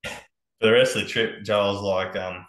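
A man's voice: fairly low pitch, fairly even intonation, measured pace, a bit bright, echoey room, a little hiss or hum, poor audio. An Australian man telling hunting-camp stories as a podcast guest, laid-back and swearing freely. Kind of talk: casual storytelling on a podcast.

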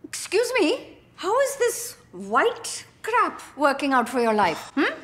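A woman's voice: high-pitched, wildly swooping pitch, slow, fairly bright tone. A woman playing a brash, salesy business consultant in a comedy sketch. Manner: brash, salesy, switches between two voices.

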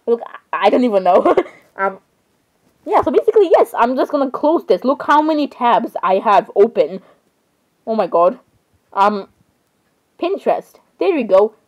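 A woman's voice: fairly high pitch, big pitch swings, moderate pace, long pauses, darkish tone, lo-fi sound. A young woman chatting casually for a vlog, rambling and giggling while she interrupts herself. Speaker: vlogger. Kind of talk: casual chat over screen browsing.

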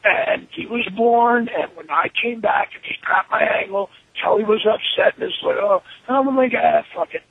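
A man in an interview, telling an animated, profane story and acting out what was said. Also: very high-pitched, moderate pace, few pauses, breathy edge, no room sound, narrow, tinny audio. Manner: animated, profane, acts out his own quotes. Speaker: interview guest.

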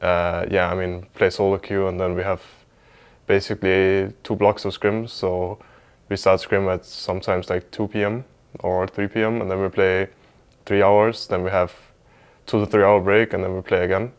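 A man's voice: low voice, flat delivery, moderate pace, smooth. A man, an esports team player, talking informally in a documentary interview, hedging often with lots of fillers.

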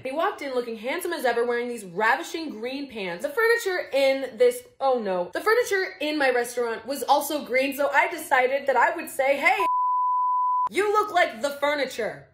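A young woman with a high voice talks straight to the camera. She tells the story in a chatty, dramatic, self-mocking way. Her voice rings with a roomy echo. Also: slight background noise. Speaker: comedy creator.

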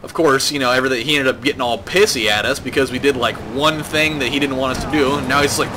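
A man's voice: medium pitch, brisk. A man hosting a let's play, giving rambling, joking and crude casual commentary over his gameplay. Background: game music.

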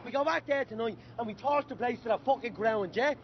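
A swaggering young gang leader with a very high voice who swears freely and orders his mates around. The audio is dull, with faint background noise. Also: fast talker. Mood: cocky. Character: cocky young male Dublin gang leader. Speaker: gang member.

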